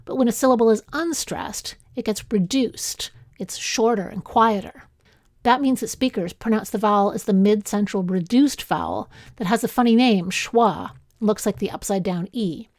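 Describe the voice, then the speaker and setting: A woman's voice: mid-range voice, a little mellow, dry recording. Canadian woman explaining phonetics, dry sound. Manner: clear, measured, slows to sound out example words. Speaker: linguistics instructor. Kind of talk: scripted lecture narration.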